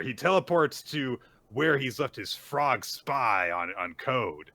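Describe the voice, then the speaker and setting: A man chatting casually on a podcast, recapping chapters and jumping into the characters' voices as he goes. His pitch swings widely and his tone is bright and forward. The sound is dry and close. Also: a little slow, hardly any pauses, no echo. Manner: animated retelling, acting out characters' lines. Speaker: podcast co-host recapping manga. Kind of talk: casual chat.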